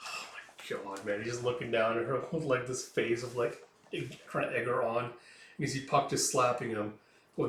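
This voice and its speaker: A man's voice: mid-range voice, fairly even intonation, normal speed, a bit bright, a little hiss or hum. A man narrating a comic casually, with many fillers and reactions. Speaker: manga read-along host. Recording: roomy echo, distant mic.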